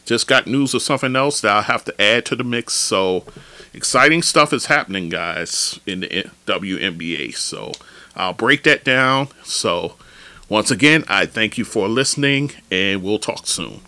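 A man hosts his own basketball podcast, talking in a lively, slangy, opinionated rant. His fairly low voice has a bright, forceful edge. It sits close and dry on the mic. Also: a little slow, dry recording. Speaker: podcast host.

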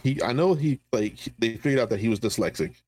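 A middle-aged man swaps stories in loose, foul-mouthed chat, laughing at his own jokes as he goes. His voice sits at an ordinary middle pitch. The sound is close and dry, with no room around it. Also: lively intonation, quick pace, a little mellow, no echo. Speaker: veteran podcast co-host. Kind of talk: casual storytelling chat.

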